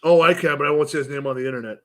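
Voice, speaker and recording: High-voiced man telling a rambling, profane story. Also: racing, fairly bright tone. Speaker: guest. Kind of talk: casual podcast chat.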